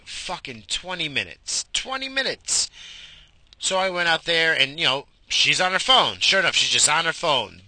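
A man's voice: mid-range voice, bright, forceful tone, no room sound. Profane, rambling man ranting from a car. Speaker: podcast host. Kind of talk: casual storytelling monologue. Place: in a car while driving.

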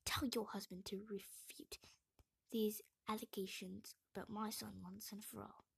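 A woman reading the part of a frank, sharp-tongued grown woman in a brisk half-whisper. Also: medium pitch, level tone, creaky, husky, no echo, heavily acted. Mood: recounting.

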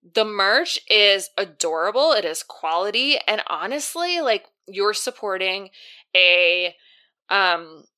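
A woman co-hosting a podcast in casual chat, animated and rambling, with lots of "like". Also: mid-range voice, takes it slowly. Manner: chatty, animated, heavy use of "like". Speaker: podcast co-host.

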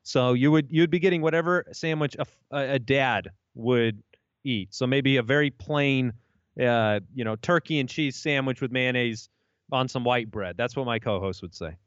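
A man guest speaking in a relaxed, easygoing way during an interview. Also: mid-range voice, moderate pace, clear, resonant tone, no echo, dull audio. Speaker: podcast guest. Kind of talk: casual interview.

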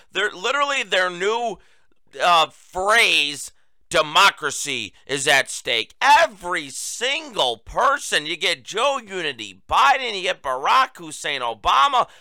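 A man hosts a political talk show, his voice high and strikingly bright, cutting and forceful. He talks in a sarcastic, mocking, emphatic way. The sound is smooth and dry, close to the mic. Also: no echo. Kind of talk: political commentary monologue.

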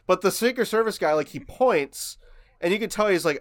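A man's voice: sits high, big pitch swings, moderate pace, no room sound, studio quality. A young man co-hosting a podcast, chatting casually, rambling and laughing as he mock-quotes people. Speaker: podcast co-host. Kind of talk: casual chat.

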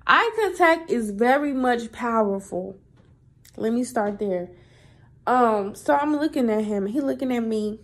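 A young adult woman hosting a podcast, telling a story in a chatty, animated, profane way. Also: on the high side, unhurried. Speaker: podcast host. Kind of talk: casual storytelling monologue.

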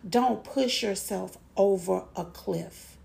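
A middle-aged woman hosting a motivational podcast, encouraging listeners and slowly repeating affirmations. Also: mid-range voice, vocal fry, warm tone. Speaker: podcast host.

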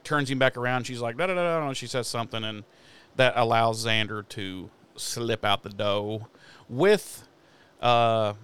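A medium-pitched man with a clean tone swaps profanity-laced takes on a TV episode as a podcast co-host. His delivery is animated and casual, and he keeps slipping into the characters' lines to act them out.

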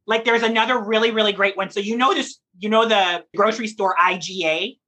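A woman who performs in drag and reads at story time, chatting in a lively, playful interview and laughing often. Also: mid-range voice, fairly quick.

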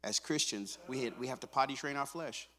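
Man preaching fervently, bright and ringing. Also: mid-range voice, a little fast, long reverb tail. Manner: swings from soft, intimate talk to loud, fervent preaching; repeats phrases, conversational with fillers like "man" and "come on". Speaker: pastor. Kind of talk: sermon. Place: church sanctuary.

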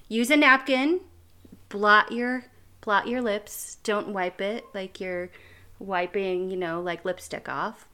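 A woman's voice: mid-range voice, bright, forceful tone, clean tone. An American woman co-hosting a podcast, chatting casually and giggling, with lots of "like" and "um". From United States. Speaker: podcast co-host. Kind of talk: casual chat.

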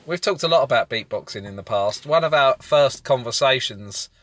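A man's voice: medium pitch, lively intonation, normal speed, a bit bright. A man co-hosting a casual podcast, a comedian talking loosely with plenty of ums and some teasing. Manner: chatty, rambling with ums, teasing. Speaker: podcast co-host.

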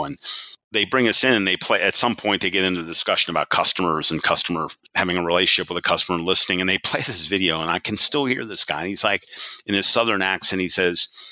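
Brief: very deep male guest, bright edge, emphatic anecdotes, dry close mic. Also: no echo. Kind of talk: interview storytelling.

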